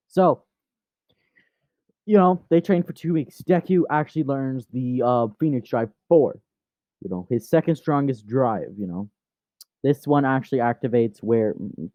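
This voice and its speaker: Unhurried male host, rambling casual storyteller who keeps breaking off to tease his cat; dry, thin lo-fi mic. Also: medium pitch, no room sound. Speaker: channel host. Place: home room. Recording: dry, tinny phone-like sound.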